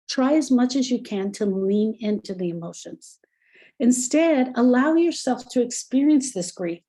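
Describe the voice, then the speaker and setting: A woman's voice: a little high, warm tone. A middle-aged woman speaking as a grief coach, talking earnestly and encouragingly straight to the listener. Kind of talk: motivational talk.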